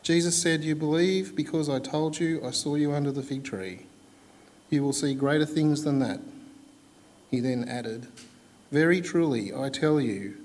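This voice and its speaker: Man reading scripture aloud, measured. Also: medium pitch, a little mellow, slight background noise, low-quality recording. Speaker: scripture reader. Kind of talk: formal Bible reading.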